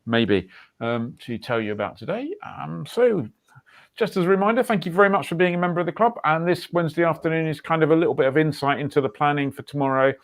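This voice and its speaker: A man's voice: a little high, lively intonation, fast. A man hosting a casual livestream chat over a video call, rambling with fillers and restarts. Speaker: host.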